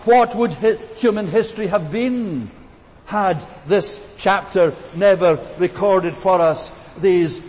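A man's voice: high voice, a little mellow. A man preaching a sermon in an earnest, emphatic way, hammering home key words through repetition. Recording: long reverb in a hall, faint hiss.

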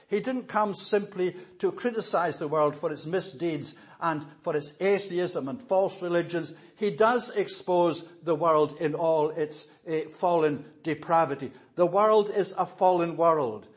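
Man preaching a measured sermon. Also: high voice. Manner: measured, explanatory, with frequent "uh" pauses. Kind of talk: expository sermon.

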